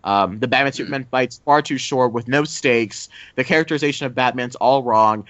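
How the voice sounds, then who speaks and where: A man's voice: mid-range voice, a little fast, a bit bright, no echo. Male podcast host, rambling chatter, dead-dry muffled sound. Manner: rambling, many fillers and restarts. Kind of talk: casual chat. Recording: dull dry mic sound.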